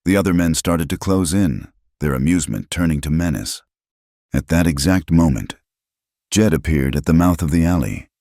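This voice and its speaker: A man narrating a western story in a measured, solemn scripted delivery. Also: rumbling low, expressive, mellow, no room sound, studio quality.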